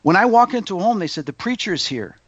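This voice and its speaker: A man's voice: quick pace, no room sound, lo-fi sound. A man, a psychic medium, chatting in an interview and acting out the voices in his stories. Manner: animated storyteller, acts out quotes in a higher voice. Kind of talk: casual interview chat.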